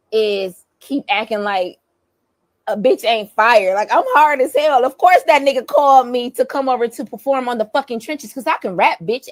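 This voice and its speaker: Animated, profane woman telling a story. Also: medium pitch, no echo. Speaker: battle rapper. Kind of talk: casual storytime rant.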